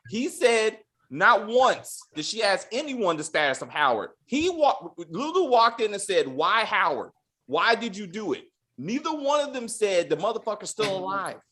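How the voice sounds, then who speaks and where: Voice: mid-range voice, very animated, normal speed, a bit bright. A podcast host ranting casually and with a lot of profanity while reviewing a TV episode. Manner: profane, exasperated ranting with acted-out quotes.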